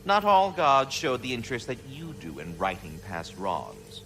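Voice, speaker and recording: A man's voice: mid-range voice, big pitch swings, measured pace, a bit bright, soft background music. Formal, wordy dwarf craftsman. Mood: earnest.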